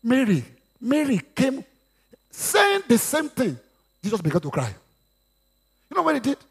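Nigerian pastor guy preaching, high lively voice, husky and gravelly. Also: unhurried. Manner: lively preaching with Yoruba asides and acted quotes. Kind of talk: sermon.

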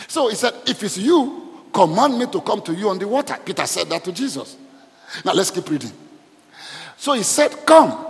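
A pastor delivers a sermon and keeps turning to the congregation with questions. His voice sits a little high and swings widely in pitch. Long reverb from the church hall trails after each phrase. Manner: asks the congregation questions, preaching with call and response.

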